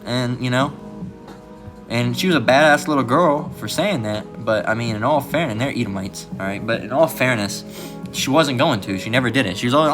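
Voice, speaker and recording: A man of medium pitch rambles casually as a channel host, stuffing every gap with "all right" and "you know" and mocking others in a raised voice. Music plays behind him.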